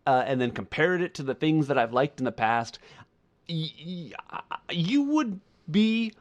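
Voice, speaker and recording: A man's voice: fairly high pitch, very animated, a little slow. A man co-hosting a podcast in casual chat, weighing his opinions aloud. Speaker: podcast co-host.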